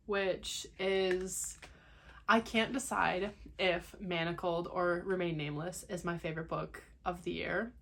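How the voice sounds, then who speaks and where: A young woman vlogging as she unboxes books, gushing and excitable, at times dropping to a hushed whisper. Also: lowish voice, a little hiss or hum. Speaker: book vlogger. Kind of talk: casual unboxing vlog.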